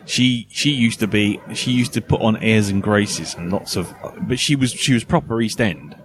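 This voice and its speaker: Male podcast host, low-ish register, loose rambling delivery, light background hiss. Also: moderate pace. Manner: rambling, laughs often, lots of "you know". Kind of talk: casual chat.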